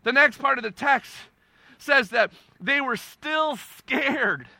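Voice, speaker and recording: High, gravelly, bright-voiced preaching man. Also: expressive, takes it slowly, no room sound. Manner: conversational and emphatic, repeating phrases for stress, with wide swings in loudness. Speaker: pastor. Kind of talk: sermon.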